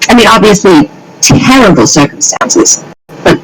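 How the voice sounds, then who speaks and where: A woman's voice: lowish voice, normal speed, creaky, husky, poor audio. A woman playing in a tabletop role-playing game, chatting casually and enthusiastically about the adventure. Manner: lively and enthusiastic. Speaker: player.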